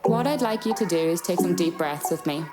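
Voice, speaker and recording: A woman voicing a calm therapist who slowly talks a patient through deep breaths. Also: natural voice. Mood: soothing. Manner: slow, soothing, coaching breaths. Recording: song skit, distant, with music under it.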